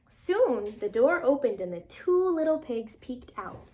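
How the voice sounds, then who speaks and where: A woman teacher reads a storybook to her class with dramatic, animated delivery, pausing to quiz the children. Her voice is high and very lively, with wide sweeps in pitch, and she slows down and drops to a whisper for suspense. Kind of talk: reading a storybook aloud to a class and asking questions.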